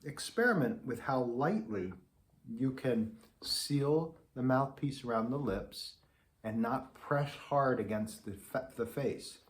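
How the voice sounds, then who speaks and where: A man's voice: medium pitch, lively intonation, slow. A man teaching beginner trombone in an easygoing, conversational way, demonstrating as he explains. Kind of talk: relaxed instructional talk to camera. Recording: echoey room.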